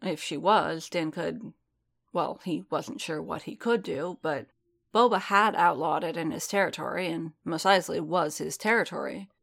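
A woman reading fan fiction aloud in a steady storytelling manner. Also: sits low, normal speed, creaky. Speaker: narrator.

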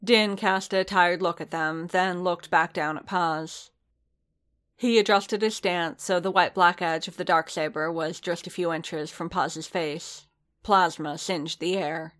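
A woman reading fiction aloud as narrator, in a measured, expressive storytelling way. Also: on the low side.

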